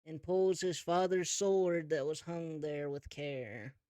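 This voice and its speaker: A man's voice: a little high, steady tone, slow pace, warm tone, clean tone, no echo. A man narrating a tabletop role-play as game master, telling the story casually with asides to the players.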